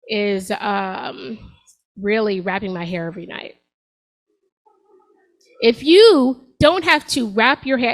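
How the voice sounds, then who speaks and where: A woman's voice: high-pitched, a bit bright, rough recording. A woman in her forties doing a stand-up set on a comedy club stage, talking to the crowd in a sassy, conversational way. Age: 40s.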